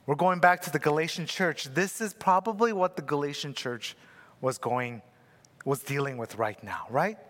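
A man's voice: fairly high pitch, normal speed, a bit bright. A young adult man preaching a sermon in a loose, conversational way, telling a personal story and often asking his listeners "right?". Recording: long hall reverb.

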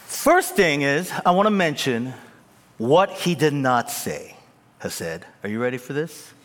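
A pastor preaching a lively sermon, acting out scenes and swinging from whispers to shouts. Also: male voice, mid-range voice, unhurried, long reverb tail.

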